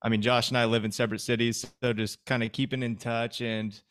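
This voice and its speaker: Young male co-host, relaxed, hesitant delivery, clean resonant tone. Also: mid-range voice, clean tone. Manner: easygoing, halting with fillers. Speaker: podcast co-host. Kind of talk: casual chat.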